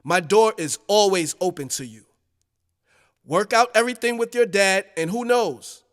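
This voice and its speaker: A man voicing a calm, businesslike record executive who speaks on the phone in a measured, polite and firm way. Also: high voice, in a large hall.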